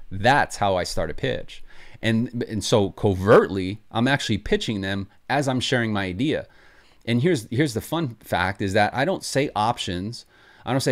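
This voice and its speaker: A man coaching listeners on sales in a casual, animated talk, acting out sample calls along the way. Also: on the low side, normal speed. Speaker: sales trainer.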